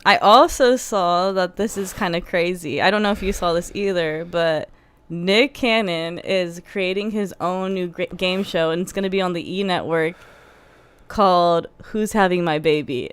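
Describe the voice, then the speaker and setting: A woman's voice: fairly low pitch, moderate pace, clear, resonant tone. A young woman co-hosting a podcast, chatty and emphatic, laughing often. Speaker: podcast co-host. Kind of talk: casual chat.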